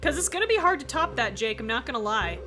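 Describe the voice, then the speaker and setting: A woman streaming a visual novel playthrough, reacting out loud in an excitable, exclamatory way and swearing freely. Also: a little high, fast. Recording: faint game music behind.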